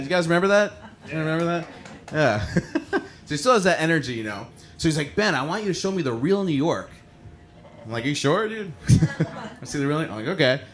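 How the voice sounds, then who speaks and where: A man's voice: fairly high pitch, a bit bright, a little hiss or hum. A man hosting a stand-up comedy show, telling stories to a live audience with lots of chatty fillers and laughs at his own jokes. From American suburbs. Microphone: handheld microphone.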